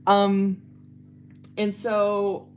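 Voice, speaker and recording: A woman's voice: medium pitch, completely flat delivery, extremely slow, a little hiss or hum. A young woman livestreaming, casually telling a rambling story with lots of fillers and swearing. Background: faint music playing.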